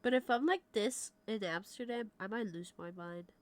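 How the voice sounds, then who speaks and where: A woman's voice: mid-range voice, moderate pace. A young adult woman livestreamer chatting casually with her viewers at a desk mic. She laughs often and swears freely. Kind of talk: casual chat with stream viewers.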